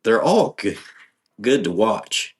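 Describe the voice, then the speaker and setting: A man's voice: lowish voice, very animated, takes it slowly. A man guesting on a podcast, talking casually in a rambling, hesitant way with many ums and restarts. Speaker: podcast guest, off-road driver.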